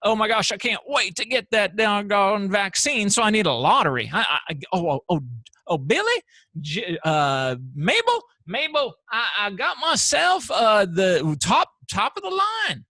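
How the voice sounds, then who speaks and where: A giddy grown man squeals and stammers with excitement, his voice jumping high and tight with a gravelly catch, as a man mocks him. The sound is close and dry. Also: a little slow, no echo, heavily acted. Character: giddy adult man thrilled over vaccine.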